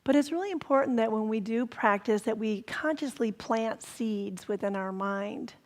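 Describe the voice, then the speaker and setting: A woman reverend giving a sermon, telling stories gently and sometimes dropping to a whisper for emphasis. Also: fairly high pitch, moderate pace, in a large hall. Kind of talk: sermon storytelling. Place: spiritual center hall.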